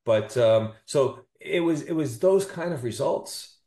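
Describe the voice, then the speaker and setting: A chiropractor guest on a podcast, telling a patient story with enthusiasm and often adding "you know" and "okay?". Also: male voice, a little high, animated, measured pace, warm tone.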